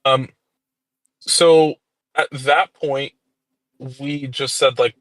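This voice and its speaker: A man's voice: mid-range voice, steady tone, fairly bright tone, no room sound, low-quality recording. A man on a team's staff giving a casual explanation. He speaks hesitantly with many fillers and restarts, and his voice is dry and close with no room sound around it. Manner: hesitant, halting, full of fillers.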